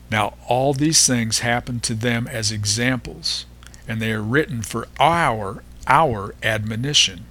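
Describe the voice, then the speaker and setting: A man hosting a devotional podcast, reading and explaining Bible verses in an unhurried way, pausing often and stressing repeated words. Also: medium pitch, sharp tone. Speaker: podcast host teaching the Bible.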